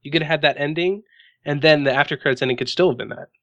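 A man's voice: a little high, quick pace, vocal fry, a bit bright, no echo. Laid-back man on dull lo-fi audio. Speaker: podcast guest. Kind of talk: casual podcast chat.

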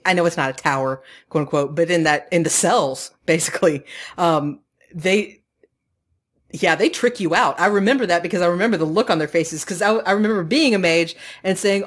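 A woman's voice: lowish voice, fairly quick. A woman co-hosting a casual gaming podcast, chatty and laughing often, with lots of fillers. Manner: giggly, chatty, hesitant fillers. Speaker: podcast co-host.

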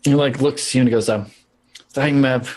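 A man's voice: medium pitch, quick pace, darkish tone, a little hiss or hum. A man narrating a tabletop game as game master, in loose, rambling sentences full of likes and ums.

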